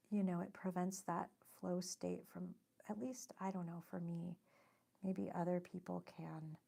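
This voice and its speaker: Chatty woman with a gravelly low voice. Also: mellow. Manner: chatty, self-deprecating, reads viewer comments aloud. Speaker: livestream host and watercolor artist. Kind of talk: casual livestream chat while painting.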